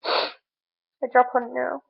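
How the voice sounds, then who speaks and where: Gravelly young woman venting on a tinny mic. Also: high-pitched, little pitch movement, extremely slow. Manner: venting, frustrated, many fillers. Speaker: vlogger. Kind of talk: casual video diary. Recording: tinny phone-like audio.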